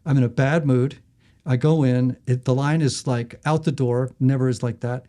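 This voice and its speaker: A man's voice: medium pitch, normal speed. A middle-aged man, an author and guest, telling stories animatedly in conversation and acting out the voices in them. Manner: lively, acts out voices in anecdotes.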